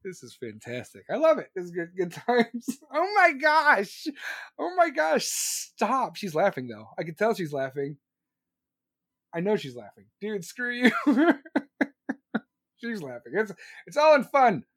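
A man's voice: sits high, very animated, moderate pace, long pauses, no room sound, clean studio sound. A man hosting a podcast, riffing casually on the live chat with crude jokes and swearing. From United States. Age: adult, still working. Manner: profane, joking, rambling banter.

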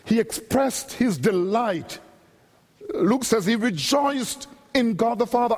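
A man with a high voice preaches a sermon, measured and emphatic, stacking repeated phrases as he builds each point. His voice rings out with a long reverb, as if in a church hall. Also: animated, a little mellow.

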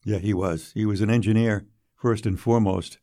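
A man's voice: fairly low pitch, fairly even intonation, moderate pace. Older man telling radio stories. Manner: warm anecdotal storytelling, drops quietly for quoted lines. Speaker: radio broadcaster guest. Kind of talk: storytelling interview.

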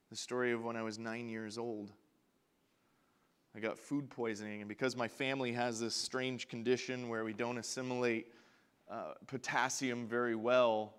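A young man preaching a sermon to a congregation, passionate, going from quiet and low to loud and high when he acts out prayers. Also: clear, resonant tone. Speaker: pastor. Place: church before a congregation.

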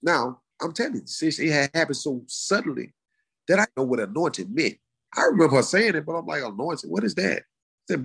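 A middle-aged man, telling his life story in a casual, animated way. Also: a little fast, vocal fry, breathy edge. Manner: animated, acts out quoted voices in high pitch. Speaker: guest sharing his testimony. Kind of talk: conversational storytelling.

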